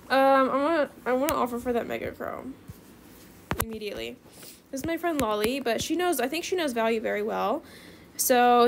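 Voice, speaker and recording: Excitable teen girl creator, high voice with fry, chatty gameplay commentary. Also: noisy background. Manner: calls viewers bestie. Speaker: gaming video creator.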